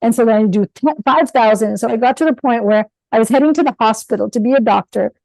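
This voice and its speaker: Middle-aged woman, dark mellow voice, dry close sound, lively storyteller who does the voices. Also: on the high side, fast, gravelly, no room sound, poor audio. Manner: animated, acts out quoted voices with laughter. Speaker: guest physician. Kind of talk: casual storytelling interview.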